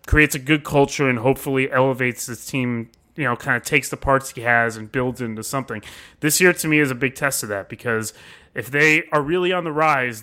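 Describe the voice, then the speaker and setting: A man's voice: mid-range voice, sharp tone. A man co-hosting a basketball podcast, laying out his views earnestly in casual talk. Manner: earnest, lays out arguments at length. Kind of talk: casual sports analysis chat.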